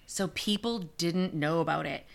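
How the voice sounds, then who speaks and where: A young woman co-hosting a podcast casually tells a disaster story, chatty and full of fillers, with the odd curse word. Her voice is on the low side and creaky, and she speaks at a moderate pace.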